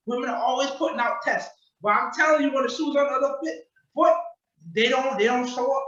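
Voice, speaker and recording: A man hosting a podcast, telling a story in casual chat with animated, profane slang and acted-out quotes over a video call. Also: very high-pitched, a little fast. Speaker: podcast host. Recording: distant echoey lo-fi video call audio.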